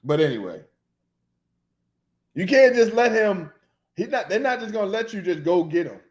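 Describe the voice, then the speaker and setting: A man hosting a sports show, chatting casually in an excitable, rambling way that often loses its thread. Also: sits high, moderate pace. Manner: excitable, rambling, loses his train of thought. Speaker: sports podcast host.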